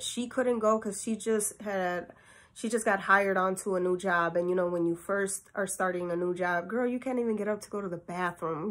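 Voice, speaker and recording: A young woman telling a personal story in a candid, chatty way, swinging between soft, quiet moments and excited outbursts. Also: mid-range voice. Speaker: vlogger.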